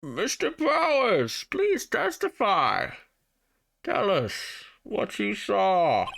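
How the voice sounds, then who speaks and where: A man's voice: huge pitch swings, drawn-out words, gravelly, fairly bright tone, no echo, studio quality, exaggerated voice. A man voicing a fussy, easily bewildered old male judge in a wavering voice over game music. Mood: fussy, surprised. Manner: high, wavering, easily surprised.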